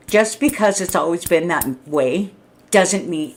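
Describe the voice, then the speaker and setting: A middle-aged woman ranting to camera in a blunt, profane, heated way, often clearing her throat. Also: fairly low pitch, measured pace. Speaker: vlogger. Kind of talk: unscripted rant to camera. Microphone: streaming setup mic.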